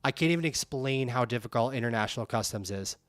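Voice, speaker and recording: A man's voice: mid-range voice, fast, no echo. A man hosting a livestream, chatting casually and candidly, reading viewer comments aloud. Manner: candid, animated, reads chat comments aloud. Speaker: livestream host.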